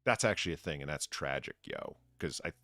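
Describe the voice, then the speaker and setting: A stream host with a rumbling low, sharp-toned voice talks expressively and a little fast, with no echo. He chats casually and reads aloud mockingly, laughing often and rambling through asides.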